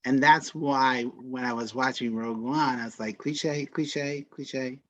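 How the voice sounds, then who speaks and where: A man's voice: mid-range voice, fairly even intonation, moderate pace. A man hosting a casual movie chat, easygoing and calling on others in turn. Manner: easygoing, calls on others to speak.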